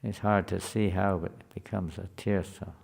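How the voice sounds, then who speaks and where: A man's voice: sits low, flat delivery, moderate pace, creaky, a little mellow, slightly rough. A man teaching a scripture class to a live group in a conversational way, often asking the listeners questions.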